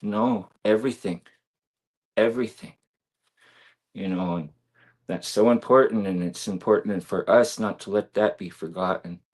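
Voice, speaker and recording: Earnest, reflective man, low voice. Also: moderate pace, long pauses, darkish tone, slightly rough. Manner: reflective, earnest, many fillers. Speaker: guest. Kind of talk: casual interview talk. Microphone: video call.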